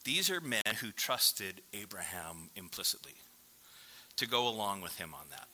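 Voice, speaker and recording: Bright-voiced male preacher. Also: fairly low pitch, very animated, moderate pace, a little hiss or hum. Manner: conversational preaching, acts out quoted voices. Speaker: pastor. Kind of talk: sermon.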